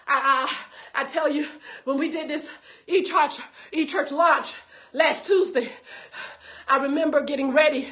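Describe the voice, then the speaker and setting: A woman pastor preaching fervently to a live-stream audience, greeting viewers by name and stumbling into quick repeated restarts. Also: sits high, a bit bright. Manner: fervent, direct address to viewers, stammered restarts. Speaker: pastor and online show host.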